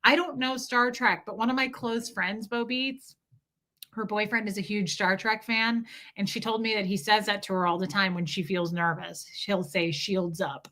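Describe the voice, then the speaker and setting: An animated woman host chatting casually with her live audience, telling stories with laughter and reading comments aloud. Her voice is bright and forceful. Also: medium pitch, normal speed. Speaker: livestream host.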